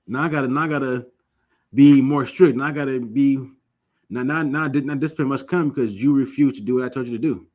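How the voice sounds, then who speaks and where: A man teaching a religious class, emphatic and repetitive, often asking the listeners questions and telling lively stories. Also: mid-range voice, brisk. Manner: lively storytelling.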